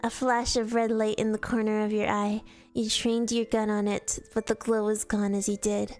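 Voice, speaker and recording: A woman's voice: medium pitch, flat delivery, normal speed, darkish tone. A woman streamer reading a fan story aloud in a storytelling voice, sometimes stumbling and restarting words. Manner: storytelling read-aloud with casual slips and restarts.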